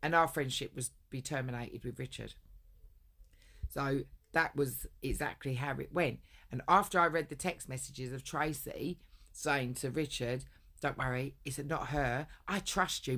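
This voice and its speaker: This woman, a vlogger, has a bass voice with a fairly bright tone. She rambles bluntly through a long personal story as a casual rant, cursing frequently.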